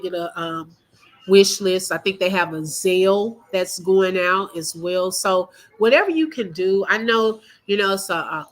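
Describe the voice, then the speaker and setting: A woman's voice: fairly low pitch, fairly bright tone, rough recording. A middle-aged woman hosting a casual livestream, emotional as she talks straight to her viewers and reads their comments aloud. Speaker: livestream host.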